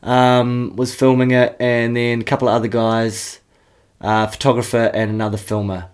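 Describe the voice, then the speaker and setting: A man chats casually, laid-back and quick to laugh, swearing freely as he tells stories. His voice sits at an ordinary middle pitch. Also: completely flat delivery, clean tone. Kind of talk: casual podcast chat.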